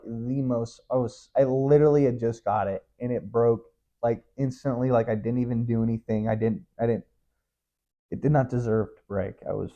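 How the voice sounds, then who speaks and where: Young guy rambling on his podcast, warm low-key voice, cracks jokes at himself. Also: dull audio. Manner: rambling, self-mocking, joking asides. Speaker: podcast host. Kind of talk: casual solo monologue.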